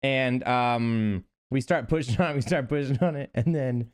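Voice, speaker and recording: A young man, a podcast co-host, telling an animated, laugh-prone story in casual chat. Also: mid-range voice, a little slow.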